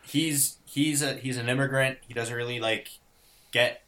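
A young man talking movies on a casual podcast, his voice sitting at an ordinary middle pitch. He rambles, piling up fillers and false starts as he goes. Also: fairly even intonation, normal speed, bright, forceful tone. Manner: rambling, many fillers and restarts. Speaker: podcast co-host. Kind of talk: casual chat.

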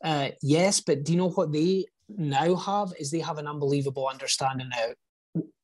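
A man's voice: a little high, moderate pace, darkish tone. A man from Scotland with a Scottish accent, in his forties, a real estate agent talking earnestly as a guest in a casual interview.

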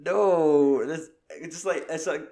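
A young Scottish man with a mid-range voice chats casually about a film, swearing a lot and acting out lines in quick put-on voices.

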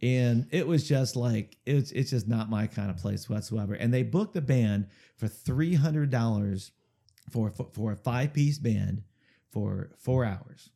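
His mid-range voice is unhurried and creaky, with a dark tone. He's a singer-songwriter on a casual interview, chattily rambling through a story and checking in with "okay?" along the way.

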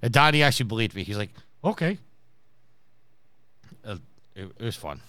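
Bright, crisp-voiced man hosting a podcast. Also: on the low side, expressive, rapid-fire, no echo. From New York. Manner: storytelling, acting out quoted people. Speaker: podcast host. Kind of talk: casual podcast chat.

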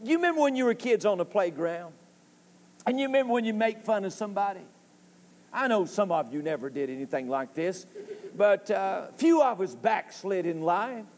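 Pastor preaching hard, really high voice, gets shouty, church echo all around. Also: male voice, animated, moderate pace. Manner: impassioned, rising to shouts at climaxes. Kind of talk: sermon. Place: church sanctuary. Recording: church hall reverb.

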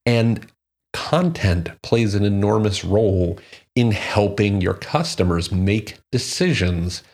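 A man with a lowish, darkish voice gives a solo talk on marketing. As a marketing commentator, he reads out quotes and statistics, then comments on his own points with emphasis.

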